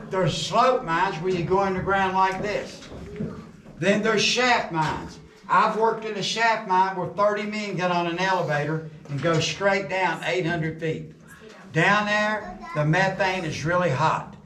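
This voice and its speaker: The guide, a middle-aged man with a high, fairly bright voice, moves slowly through his tour talk in an underground coal mine tunnel, full of folksy jokes and stories. Background noise and a roomy echo fill the recording, taken from a distant camera.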